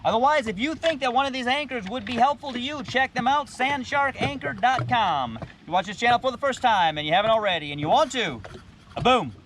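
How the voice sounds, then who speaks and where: A man with an extremely high, expressive voice talks briskly while standing in shallow water by a boat, hosting a gear review for his channel. His manner is plainspoken and easygoing, with frequent uhs, and there's background noise.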